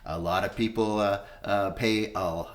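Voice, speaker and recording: A man's voice: on the low side, steady tone, unhurried. Blunt middle-aged man telling his story. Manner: candid, blunt storytelling with frequent swearing; re-enacts past conversations in quoted speech. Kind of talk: personal testimony talk.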